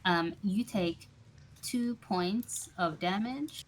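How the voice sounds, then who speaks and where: A woman narrating a tabletop game as game master, describing events in vivid, unhurried detail, with faint background noise. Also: medium pitch.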